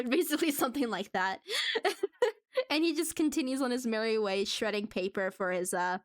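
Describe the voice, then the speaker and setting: A woman's voice: on the high side, moderate pace. A woman streaming live in casual chat, giggling often and rambling with restarts.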